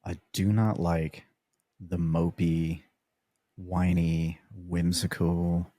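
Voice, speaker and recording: A man's voice: deep voice, level tone, extremely slow, warm tone, no echo, clean studio sound. A man co-hosting a podcast, chatting casually and agreeably as he recaps a TV episode. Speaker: podcast co-host.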